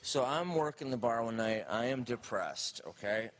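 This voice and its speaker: A male comedian telling a stand-up story in an animated way, acting out the quotes. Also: mid-range voice, normal speed.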